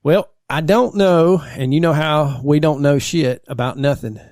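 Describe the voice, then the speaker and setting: A man's voice: on the high side, a little slow, a little mellow, dry recording, clean studio sound. A man co-hosting a podcast, joking and drawling in casual banter. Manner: joking, drawling Southern talk. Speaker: podcast co-host.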